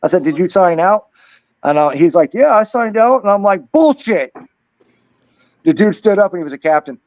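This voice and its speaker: A military veteran telling a profane, animated story on a casual podcast and acting out the quotes. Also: male voice, fairly high pitch, fast talker, no room sound, lo-fi sound.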